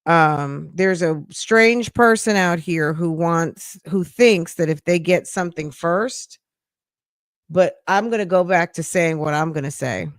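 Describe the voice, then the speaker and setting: A woman's voice: on the low side, unhurried, no room sound, clean studio sound. A woman hosting a casual livestream podcast, talking back at critics with sassy, emphatic rhetorical questions and thanking her chat. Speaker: podcast host.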